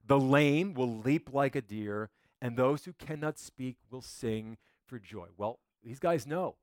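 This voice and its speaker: A man's voice: mid-range voice, slow, a little mellow, no echo, studio quality. A man preaching a sermon as a pastor, quoting scripture dramatically, with occasional stammered restarts.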